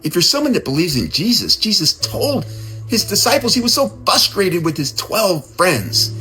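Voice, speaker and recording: A man giving a casual, conversational sermon, animated and given to repeating his words. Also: high voice, moderate pace, soft background music. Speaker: speaker.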